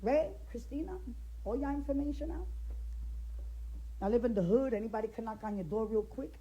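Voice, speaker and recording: Middle-aged woman, grandmother, direct-to-camera rant, indignant and confrontational, somewhat high voice. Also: brisk, mellow, slightly rough, rough recording. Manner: indignant, confrontational, firing rhetorical questions. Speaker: grandmother speaking out in a family feud.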